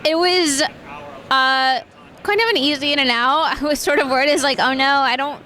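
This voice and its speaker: A woman's voice: sits high, normal speed, bright, forceful tone, a little hiss or hum. A young woman answering interview questions at a convention in a chatty way, with many fillers and frequent laughs. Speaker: cosplayer guest.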